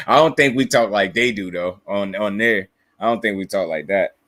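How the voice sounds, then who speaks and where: Man, new jersey accent, boxing live-stream host, low voice, slangy, chuckling, dry close mic. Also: slow pace, a bit bright, no echo. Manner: laid-back, chuckling, slangy. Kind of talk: casual live-stream chat reading viewer comments.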